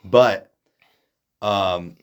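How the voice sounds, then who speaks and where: A man's voice: low-pitched, extremely slow, smooth, lo-fi sound. A man from Oregon co-hosting a podcast in casual chat, rambling and joking, often trailing off mid-sentence. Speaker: podcast co-host.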